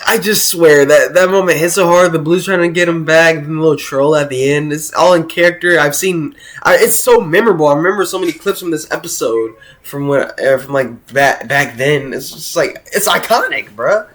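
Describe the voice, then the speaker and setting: A young man giving casual tier-list commentary as host, excited and rambling, with many restarts and slang. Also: on the high side, brisk, hardly any pauses. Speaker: video host ranking cartoon episodes.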